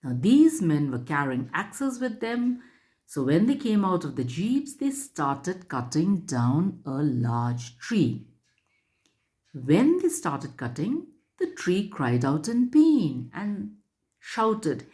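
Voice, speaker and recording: A woman teacher reading a story aloud to children and explaining it in a slow, careful, instructive way. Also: on the low side, sing-song, a little mellow.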